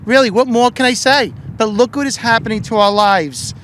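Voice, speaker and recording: Fired-up middle-aged man shouting a speech. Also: very high-pitched, moderate pace, background noise. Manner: shouting, fervent, repetitive rhetorical questions. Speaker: politician and union leader at a press event. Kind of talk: impassioned political speech.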